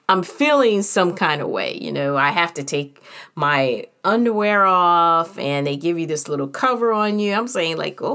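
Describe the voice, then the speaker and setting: A woman's voice: medium pitch, a bit bright. A woman telling a personal story in a frank, candid and humorous way, chatting casually with plenty of fillers.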